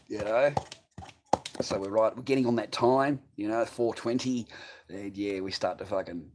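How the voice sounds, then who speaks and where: A man's voice: fairly low pitch, a little hiss or hum. A man in his forties chatting casually on a livestream from his garage workshop, telling rambling, profane stories. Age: 40s.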